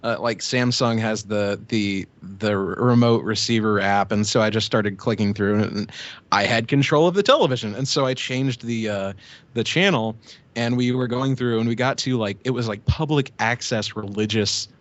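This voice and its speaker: A man co-hosting a podcast, telling a story in casual chat with a relaxed, amused manner. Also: lowish voice, normal speed. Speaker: podcast co-host. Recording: dull lo-fi podcast audio.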